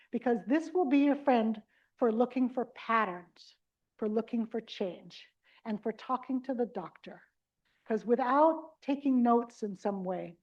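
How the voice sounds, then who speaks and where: A middle-aged woman leading a live dementia care workshop, chatty and animated, acting out little caregiver scenes and talking with the audience. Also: on the high side, lo-fi sound. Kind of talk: live conference workshop talk. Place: conference room before a live audience.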